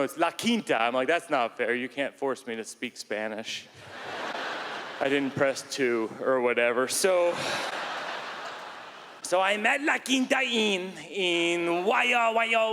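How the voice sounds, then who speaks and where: A man telling a stand-up story in a rambling, self-mocking way, now and then bursting into shouts, on a theater stage. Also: fairly high pitch. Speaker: stand-up comedian. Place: large theater stage before a live audience. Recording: live hall recording with faint room noise.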